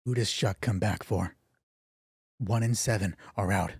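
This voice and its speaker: A man narrating and rolling dice for a solo tabletop game stream, excitable and swearing freely, his voice getting hoarse. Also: fairly low pitch, measured pace, no echo. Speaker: game master.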